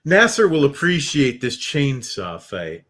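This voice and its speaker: A man's voice: medium pitch, wildly swooping pitch, unhurried, fairly bright tone. A man on a casual movie podcast, joking and emphatic. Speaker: podcast co-host.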